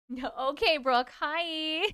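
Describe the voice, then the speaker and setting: Her voice sits high with a bright, forceful tone, recorded studio-clean without echo. Hosting a live stream, she laughs a lot and swears occasionally while chatting with viewers, then reads their stories out loud.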